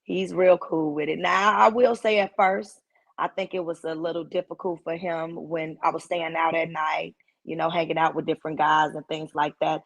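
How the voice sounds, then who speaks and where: A woman's voice: low-pitched, normal speed, creaky. A woman comedian from Chicago with a heavy, punchy voice, telling stories in a casual chat and acting out the people she quotes. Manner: animated storyteller who acts out quoted voices. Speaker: guest comedian.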